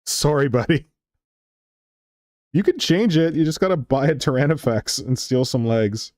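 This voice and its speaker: A man's voice: medium pitch, expressive, moderate pace, a little mellow, no echo, studio quality. A man hosting a hobby stream, chatting casually while he shows how to modify model parts and talks through gluing them. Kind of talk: casual chat and hobby demonstration.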